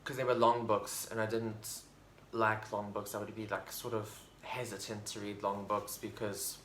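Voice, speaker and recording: A man's voice: fairly low pitch, level tone, moderate pace, fairly bright tone. A man chatting casually about his favorite books for a vlog, enthusiastic and rambling, with many fillers and restarts. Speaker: book vlogger. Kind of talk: casual book review chat. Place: room at home with a bookshelf. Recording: roomy echo, faint background noise.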